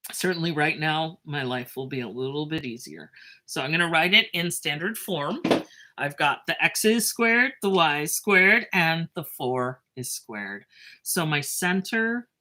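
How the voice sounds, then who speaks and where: A woman teaching a math lesson in a chatty, self-mocking way, with lively asides and a drawn-out pace while she writes. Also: deep voice.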